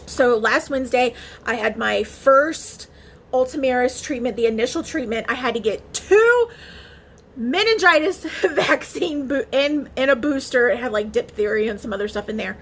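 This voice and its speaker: A woman's voice: on the high side, moderate pace, fairly bright tone, slight background noise. A woman vlogger talking casually to camera in a chatty, emotional way, with many fillers and restarts. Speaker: beauty vlogger.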